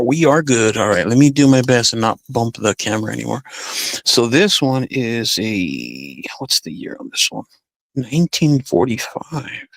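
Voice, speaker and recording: Man, gravelly, dry close sound; easygoing live-stream host talking to his chat. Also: mid-range voice, fairly bright tone, dry recording. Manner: laid-back, chatty, talks to chat as y'all and buddy.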